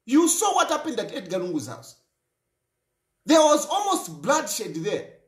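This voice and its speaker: A man's voice: very high-pitched, huge pitch swings, a little slow, reverberant. A Zambian man hosting a talk show, speaking in an impassioned political monologue and repeating phrases for emphasis.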